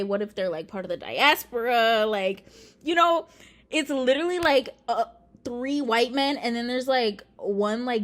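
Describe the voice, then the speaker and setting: A young woman talks straight to camera in a relaxed vlog, her voice sitting at an ordinary middle pitch. She rambles and circles back, filling gaps with "like" and "um" as she tells a story. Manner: chatty, rambling, full of "like" and "um". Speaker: vlogger. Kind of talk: casual talking-to-camera vlog. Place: indoors near a street with passing traffic.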